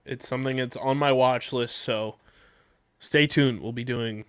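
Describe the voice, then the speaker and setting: A man's voice: medium pitch, steady tone, measured pace, clear, resonant tone, dry recording, studio quality. A man hosting a casual podcast, running through news and a sponsor read with plenty of fillers. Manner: conversational, filler-heavy. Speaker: podcast host.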